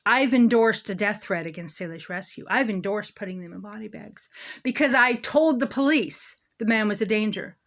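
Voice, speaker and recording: A woman's voice: mid-range voice, normal speed. A woman delivering a sarcastic, emphatic ranting monologue as a local commentator. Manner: sarcastic, emphatic, self-mocking.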